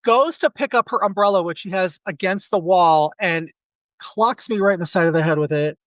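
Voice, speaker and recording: A man's voice: high voice, normal speed, fairly bright tone, no room sound. A man in his forties, a podcast co-host, telling a long rambling anecdote in casual chat full of asides.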